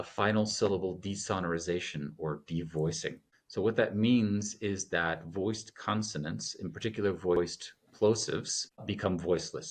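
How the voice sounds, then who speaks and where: A low-pitched man talks as an interview guest, teaching pronunciation. He demonstrates sounds and repeats phrases slowly to make his point. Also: fairly bright tone. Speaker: guest language coach. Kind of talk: explanatory interview talk.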